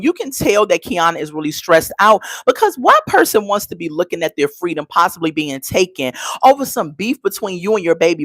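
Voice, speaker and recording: Chatty woman with a lively voice. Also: mid-range voice, no echo, poor audio. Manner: chatty and opinionated, acts out quotes; frequent "okay?" tags. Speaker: reality show reviewer. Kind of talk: casual recap commentary.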